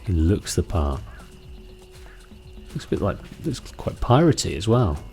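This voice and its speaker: A man's voice: low voice, very animated, unhurried, darkish tone. A man hosting a let's play, chatting casually and musing aloud about what he sees in a game. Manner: musing, chatty, with fillers and restarts. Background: game music.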